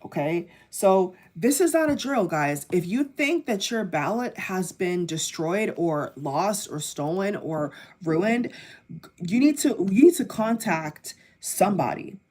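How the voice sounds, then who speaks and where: A woman's voice: lowish voice, animated, measured pace, darkish tone. Emphatic woman vlogger ranting to viewers. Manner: emphatic, repetitive, addresses viewers directly. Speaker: political vlogger. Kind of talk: impassioned commentary to camera.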